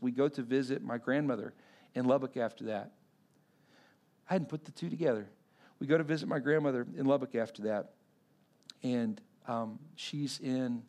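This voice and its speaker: A middle-aged man preaching a sermon, telling stories and swinging from hushed, near-whispered passages to shouted ones. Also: mid-range voice. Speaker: pastor.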